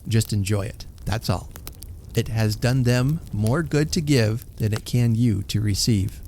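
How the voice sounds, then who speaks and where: A man voicing a kindly, soft-spoken missionary. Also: fairly low pitch, measured pace, a little hiss or hum.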